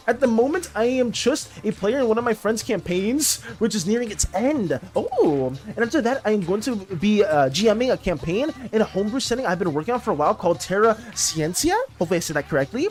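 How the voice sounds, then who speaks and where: Young adult streamer just chatting w chat, rambly, lots of uh and restarts, pitch jumps all over. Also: fast, hardly any pauses, soft background music. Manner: rambling and animated, many restarts and fillers. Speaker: livestreaming artist chatting with viewers. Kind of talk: casual livestream chat.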